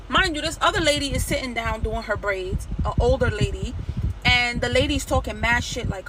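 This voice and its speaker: A woman's voice: fairly high pitch, a little fast, background noise. A woman from Nigeria telling a story in a blunt, profane rant, acting out the lines of the people in it. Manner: blunt, profane, animated retelling with quoted dialogue.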